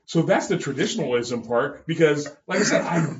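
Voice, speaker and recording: A man co-hosting a casual podcast chat as a jiu-jitsu coach, blunt and profane, getting loud when he is worked up. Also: a little high, animated, moderate pace. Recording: dull lo-fi sound in an echoey room.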